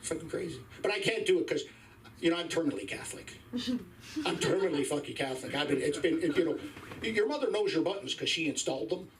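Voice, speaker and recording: A man's voice: a little high, animated, fast talker, distant mic, crowd noise. Profane stand-up comic in his fifties. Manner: crude, profane, wry storytelling. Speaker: stand-up comedian. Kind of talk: stand-up comedy set. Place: comedy club stage, live.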